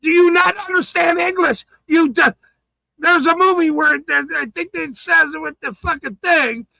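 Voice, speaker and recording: A man ranting on a livestream, profane and taunting, swinging between shouting and muttering. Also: extremely high pitch, steady tone, moderate pace, creaky, dry recording, low-quality recording. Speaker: livestream host.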